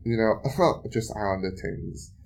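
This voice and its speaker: A man talks alone into his podcast mic in a slow, drawn-out way, his voice sitting on the low side. He rambles through his story with plenty of fillers and curses, sounding fed up and worn down. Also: level tone, creaky, a little mellow. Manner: swears often, with many fillers; venting and exasperated storytelling. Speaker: podcast host. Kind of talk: casual solo podcast monologue.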